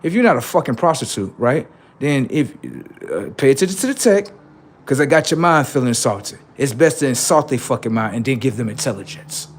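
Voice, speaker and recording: A man's voice: mid-range voice, animated, a little fast, breathy edge. A man hosting a livestream, delivering a heated, profane and confrontational political rant that taunts his listeners. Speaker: livestream host.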